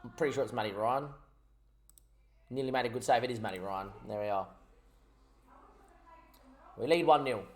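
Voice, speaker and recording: A man's voice: medium pitch, moderate pace, long pauses. A young man giving frustrated, rambling commentary over his own gameplay, swearing often. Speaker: gaming YouTuber.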